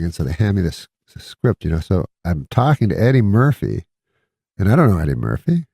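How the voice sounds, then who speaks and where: A man with a low, gravelly voice spins long, rambling anecdotes in a dry, deadpan manner, often breaking into a chuckle at his own tales. The sound is close and dead, with no room around it. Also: a little fast, no room sound. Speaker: comedian guest. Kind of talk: casual anecdote storytelling.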